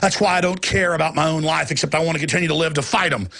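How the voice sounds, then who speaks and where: An older man hosting a talk show, delivering a furious, preachy rant, shouting long lists of words. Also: fairly high pitch, fairly even intonation, racing, gravelly. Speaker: host. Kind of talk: ranting monologue.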